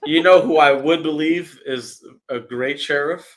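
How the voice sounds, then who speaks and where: A man co-hosting a podcast, chatting casually and laid-back, chiming in with quick agreement. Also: on the high side. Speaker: podcast co-host. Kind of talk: casual chat.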